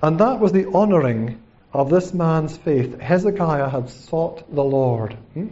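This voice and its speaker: Preacher, mellow voice, lo-fi sound. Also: male voice, a little high, expressive, unhurried. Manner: conversational, frequent rhetorical "hmm?" checks; dramatic retelling with acted-out quotes. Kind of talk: sermon. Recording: dull lo-fi recording.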